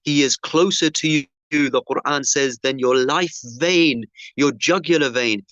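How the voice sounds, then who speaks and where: A male preacher telling a personal story in a sermon, acting out the dialogue with lively shifts of voice. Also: a little high, a little slow, no room sound, muffled recording. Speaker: Muslim preacher.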